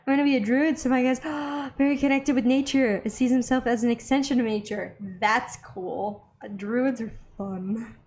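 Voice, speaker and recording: Bubbly young woman chatting while drawing. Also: a little high. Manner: bubbly, easily excited, rambling. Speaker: art channel host. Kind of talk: casual chat while drawing.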